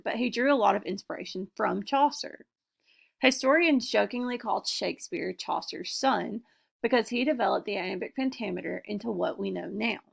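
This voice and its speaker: A young woman giving a class presentation, reading her points in an earnest, measured way. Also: mid-range voice, creaky. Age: young adult. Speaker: student presenter. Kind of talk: class presentation, read from notes.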